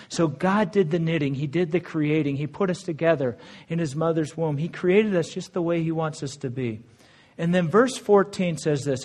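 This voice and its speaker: Earnest, slightly high-voiced male preacher. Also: moderate pace, darkish tone. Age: adult, married. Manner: earnest, conversational preaching with scripture readings. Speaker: pastor. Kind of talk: sermon.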